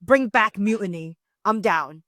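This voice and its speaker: A young woman co-hosting a podcast in casual chat, animated and giggly, often jumping into high, excited mock voices. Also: unhurried, dry recording, clean studio sound. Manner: chatty and giggly. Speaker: podcast co-host.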